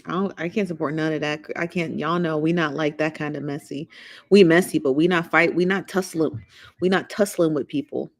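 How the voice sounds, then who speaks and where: A woman's voice: low voice, steady tone, fairly quick. Sassy gossiping woman livestreaming. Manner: sassy and gossipy, calls viewers honey and child. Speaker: livestream host. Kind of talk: casual livestream chat, reading comments aloud.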